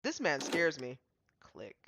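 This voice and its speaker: A woman's voice: deep voice, wildly swooping pitch, slow, creaky. A woman streaming a game, joking and rambling in casual commentary, with game music playing behind her. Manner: joking, rambling, laughing asides.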